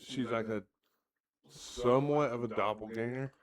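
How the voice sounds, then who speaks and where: A man's voice: medium pitch, fairly even intonation, moderate pace. A man co-hosting a casual podcast chat, joking, with many hesitant restarts. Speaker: podcast co-host.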